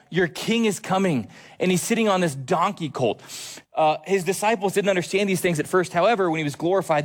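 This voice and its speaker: Emphatic preacher, higher-pitched man. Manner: emphatic preaching with repeated phrases, rising for quoted crowds. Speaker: pastor. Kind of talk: sermon.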